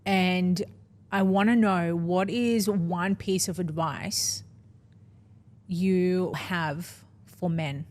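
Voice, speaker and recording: A woman's voice: fairly low pitch, steady tone, extremely slow, a little mellow. A woman hosting a podcast, interviewing her guest in an empathetic, reflective way. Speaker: podcast host.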